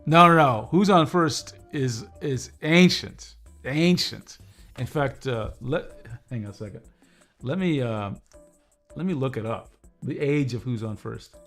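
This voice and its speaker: A man's voice: mid-range voice, animated, unhurried, a bit bright. Guy chatting on his stream, rambly, lots of uhs and restarts, faint music behind. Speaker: livestream host reviewing drawing tablets. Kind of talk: casual livestream chat with viewers.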